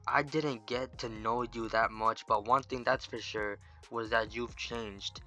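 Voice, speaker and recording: A man's voice: mid-range voice, fairly even intonation, a little slow, bright, forceful tone. A man voicing a cold, cutting veteran female wrestler who is calling out her rival. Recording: dull lo-fi dry recording.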